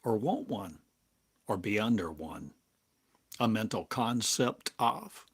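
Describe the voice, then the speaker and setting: Slow, husky older man musing spiritually. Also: on the low side, very animated. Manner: drawn-out, halting phrases with long pauses. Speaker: spiritual teacher. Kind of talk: slow meditative spiritual monologue. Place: home in a small town, drinking coffee.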